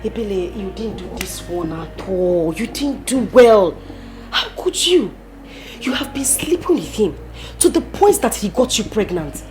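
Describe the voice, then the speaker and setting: A woman's voice: medium pitch, big pitch swings, a little slow, a little mellow, soft background music. An actress playing an indignant Nigerian woman scolding her friend, mixing Igbo words into her English. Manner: scolding, exclaiming, switches into Igbo.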